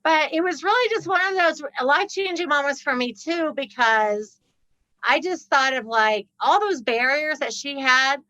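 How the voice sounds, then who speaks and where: A woman guest on a podcast, telling a story with lively laughter and acting out the people in it. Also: sits high, moderate pace, no echo, low-quality recording. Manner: laughs often, acts out the people in her story. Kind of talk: animated storytelling.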